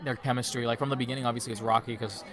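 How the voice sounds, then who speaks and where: A man's voice: medium pitch, flat delivery, very fast, a bit bright. Man joking about comics in a café. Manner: joking, rambling, swears freely. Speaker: podcast co-host. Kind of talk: casual pop-culture chat. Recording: busy café chatter behind.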